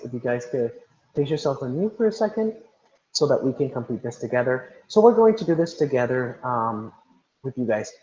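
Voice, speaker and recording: A man's voice: fairly high pitch, a little mellow. A man teaching an online class, repeating instructions and calling on students by name over a video call. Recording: roomy, dull lo-fi sound.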